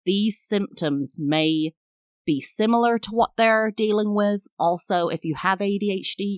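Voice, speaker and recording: A woman in her thirties from England with an English accent, hosting a personal podcast in a candid, reflective way and sometimes acting out lively quoted voices. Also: on the low side, no echo, studio quality. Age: 30s. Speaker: podcast host. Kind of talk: personal solo podcast talk.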